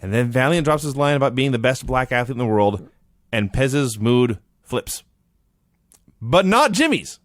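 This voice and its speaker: A man's voice: mid-range voice, expressive, moderate pace, dry recording. A man co-hosting a podcast, retelling events in casual chat with dry understatement. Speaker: podcast co-host.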